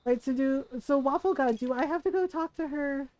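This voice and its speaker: A woman's voice: high-pitched, fairly quick, darkish tone, low-quality recording. A middle-aged woman livestreamer in casual, giggly chat while gaming, telling stories with many fillers.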